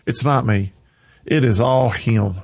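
A man's voice: mid-range voice, takes it slowly, vocal fry, a little mellow, slightly rough, dry recording. A man giving an emotional, preachy faith talk on a livestream, with a slightly dull lo-fi sound.

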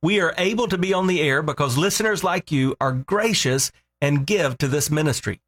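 A man's voice: on the high side, normal speed, fairly bright tone, slightly rough. A male pastor reading a scripted radio appeal for donations in a friendly, earnest way. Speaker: lead pastor. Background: faint music bed.

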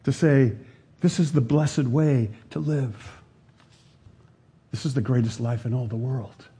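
Slow, husky-voiced male preacher. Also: medium pitch. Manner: slow, earnest, with pauses and dropping to quiet emphasis. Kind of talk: sermon.

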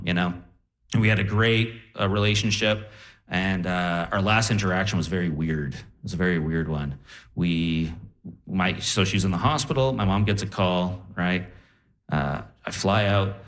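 A man performing a stand-up comedy set on stage, telling stories in an animated way and acting out voices. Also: low-pitched, moderate pace. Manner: animated storytelling with voiced impressions.

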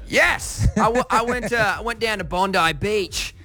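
A man's voice: high-pitched, moderate pace, bright, forceful tone, faint music behind. A young American man from near Seattle, a pop singer being interviewed, enthusiastic and rambling with many restarts. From United States, near Seattle. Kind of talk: casual interview.

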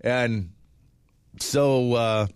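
A man's voice: mid-range voice, drawn-out words, clean tone, no room sound, studio quality. A middle-aged man hosting a morning radio show, chatting casually and laughing easily as he rambles. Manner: chuckling, rambling, easygoing.

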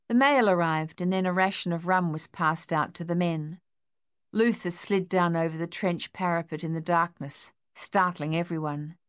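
A woman narrating an audiobook in an even, measured reading. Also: lowish voice, clear, resonant tone, no echo, studio quality.

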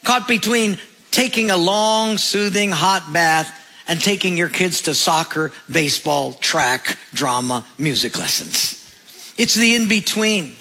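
A man's voice: high voice, animated, measured pace, bright, forceful tone, low-quality recording. A male pastor preaching a sermon, telling humorous stories and acting out the voices in them. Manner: storytelling with acted voices and humor.

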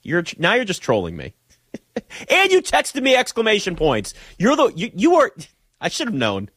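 A man's voice: high voice, wildly swooping pitch, normal speed, a bit bright, slightly rough, no room sound, clean studio sound. Chatty joking sports radio host, man. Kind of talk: casual sports talk chat.

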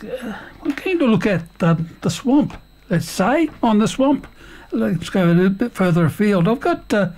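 A woman's voice: lowish voice, mellow. A woman hosting a community radio show, talking with many hesitations and fillers. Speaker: radio host.

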